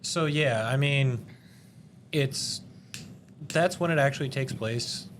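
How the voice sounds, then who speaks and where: A man's voice: medium pitch, slow, fairly bright tone, slight background noise. A man hosting a loose, joking podcast chat with friends, swearing freely. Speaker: podcast host. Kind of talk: casual chat.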